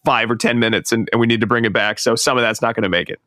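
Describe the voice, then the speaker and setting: A man's voice: mid-range voice, steady tone, rapid-fire, bright, forceful tone, no echo. Chatty male podcast co-host, dry sound. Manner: rambling, chatty, with many fillers and restarts. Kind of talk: casual podcast chat.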